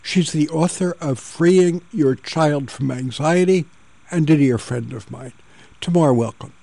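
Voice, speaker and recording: An older man hosting a radio talk show, his voice gravelly and a touch higher than most men's. He has a mellow, dark tone and speaks in a gentle storytelling way. The recording is dry and close, with no room sound. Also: measured pace, no echo.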